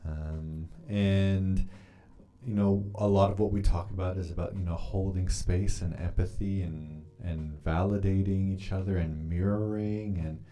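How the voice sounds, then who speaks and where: Chatty man, warm low voice. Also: steady tone, a little slow. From Canada. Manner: chatty and rambling, greets viewers and thinks aloud. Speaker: livestream host. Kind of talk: casual livestream chat, reading viewer comments aloud.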